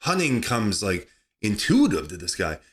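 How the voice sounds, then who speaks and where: A man hosting a comedy podcast, talking sarcastically and excitably, laughing at his own jokes. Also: lowish voice, normal speed. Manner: sarcastic, excitable, mock-outraged asides. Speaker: podcast host.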